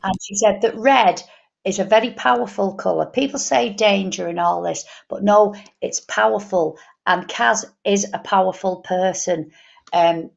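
A woman medium relays messages from spirit on a live reading show, homely in manner and fond of repeating her points. Her voice is gravelly at a middle pitch. The sound is dull and lo-fi. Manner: homely, warm-hearted, repeats key phrases. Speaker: psychic medium co-reader.

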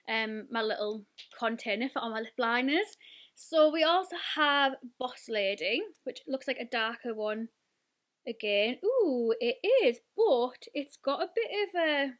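British woman, twenties, high-pitched, excitable and chatty; casual beauty-vlogger delivery. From United Kingdom. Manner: gushing, chatty, lots of "like" and "oh my god". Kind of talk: excited unboxing and swatching.

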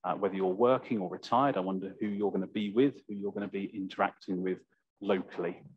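A man preaching a sermon in church, slow and reflective, with a slightly croaky voice. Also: sits low, steady tone. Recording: dull, lo-fi church recording.

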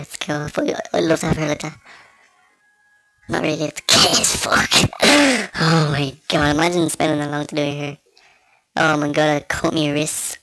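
A man's voice: fairly high pitch, creaky, fairly bright tone, no echo. A man with a Dublin Irish accent rambles through casual gameplay commentary into a small desktop microphone, cracking crude, self-mocking jokes. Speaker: gamer.

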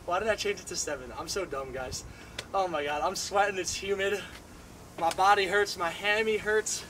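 A man's voice: high-pitched, moderate pace, pushed and bright, slight background noise, poor audio. A young man hosting a casual vlog, complaining playfully about sore muscles and a mouth burning from hot sauce. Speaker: YouTuber host.

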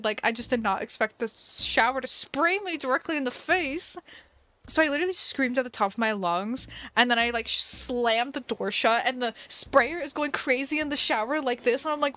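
Young female streamer, casual and animated, slightly high-pitched, loose filler-heavy delivery. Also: moderate pace. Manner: chatty, animated, lots of fillers and laughs. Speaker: gaming livestream host. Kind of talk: casual storytelling chat while gaming.

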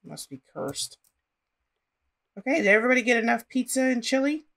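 A woman's voice: a little high, sing-song, brisk, creaky, fairly bright tone. A woman casually commenting on her life-simulation gameplay and chatting to her characters as she plays. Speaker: gaming channel host.

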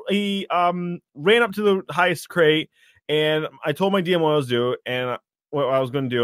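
A man telling a tabletop game story in a casual chat, animated and acting out his character's shouted lines. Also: medium pitch, no room sound, clean studio sound.

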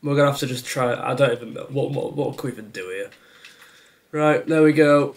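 A brisk, gravelly, medium-pitched voice belongs to a young man commentating his own football video game. As a gaming YouTuber giving frustrated live gameplay commentary, he rants at the match with sarcasm and exasperation.

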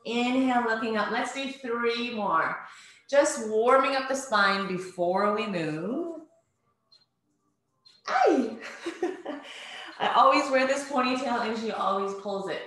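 Woman fitness instructor, unhurried and encouraging, cueing breaths and moves, in a very echoey room. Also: a little high, a bit bright. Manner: encouraging, cues breathing and movement step by step. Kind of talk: guided home workout class. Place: home.

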